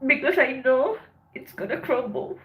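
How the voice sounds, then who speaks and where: A woman hosting a livestream, talking in a halting, emotional way with lots of swearing and a voice that breaks with tears. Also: sits high, animated, narrow, tinny audio, noisy background. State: tearful. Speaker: livestream host. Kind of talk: emotional casual livestream chat.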